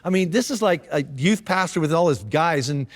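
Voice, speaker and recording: A man's voice: fairly high pitch, lively intonation, brisk, in a large hall. A man preaching a sermon as a pastor, telling the story in a casual, conversational way with frequent restarts. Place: church auditorium.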